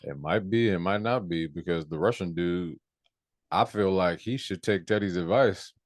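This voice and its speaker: Deep voiced guy on a tv review podcast, cussing, emphatic, super dry sound. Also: normal speed, no room sound. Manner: emphatic and profane, loose slang. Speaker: podcast co-host. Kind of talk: casual TV review chat.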